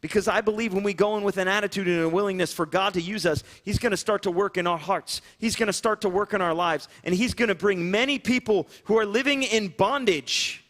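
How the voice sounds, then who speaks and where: A man preaching from the pulpit in a high, bright, ringing voice. He speaks as a pastor, piling up phrases in an earnest, repetitive, pleading rhythm. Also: brisk, few pauses. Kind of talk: sermon. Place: church sanctuary, also streamed online.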